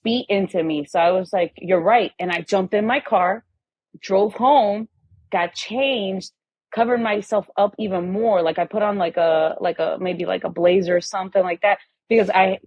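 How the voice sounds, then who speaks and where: Woman guest, husky tone, animated storyteller, dry and dull lo-fi audio. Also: medium pitch, dry recording. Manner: animated storytelling, acting out quoted voices. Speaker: podcast guest. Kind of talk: casual conversation.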